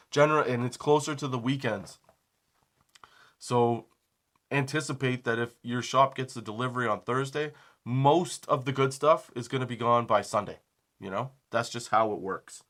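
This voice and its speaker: A man hosting a comedy podcast, telling a story from behind a shop counter in a casual, animated way, acting out both sides of the conversation and laughing often. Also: mid-range voice. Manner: conversational, says "okay?" and "dude" often. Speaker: podcast host.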